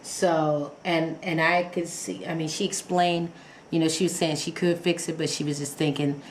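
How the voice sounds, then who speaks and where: A woman's voice: low voice, little pitch movement, normal speed. A woman vlogger telling a personal story in a rambling, chatty way, full of fillers and restarts, acting out her own past reactions. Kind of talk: casual personal story vlog. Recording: echoey room with faint background noise.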